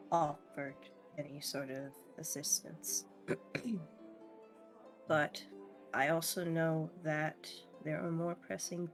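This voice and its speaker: Give me a quiet, measured, solemn host played by a woman in a tabletop game. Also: low voice, pitched below the performer's own voice.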